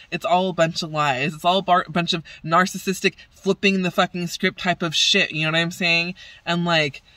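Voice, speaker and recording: A woman vents to her camera in a rambling, exasperated way, swearing constantly. Her voice has a bright, forceful edge. She sits a little back from the mic in a dry, dead-sounding space. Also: low voice, no echo, far from the mic, rough recording. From Southern California. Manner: rambling, heavily profane, exasperated. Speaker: vlogger. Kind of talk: casual venting vlog.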